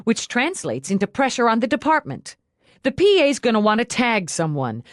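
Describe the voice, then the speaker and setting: A woman voicing a tough female police lieutenant who talks bluntly, forcefully and with sarcasm. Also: medium pitch, no room sound, studio quality, pitched above the performer's own voice, lightly acted.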